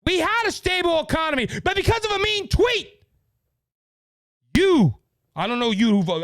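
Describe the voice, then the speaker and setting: A man hosts a podcast of angry political ranting, his Louisiana Cajun accent carrying a very high, sing-song voice. He moves at a moderate pace with long pauses, yet stays heated, loud and repetitive. The recording is dry.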